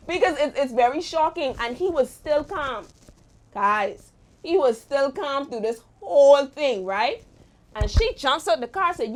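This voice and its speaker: A young adult woman hosting a show, telling a personal story in a lively, animated way. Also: high voice, a little slow. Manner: lively, animated retelling with exclamations. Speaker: host. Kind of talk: storytime monologue.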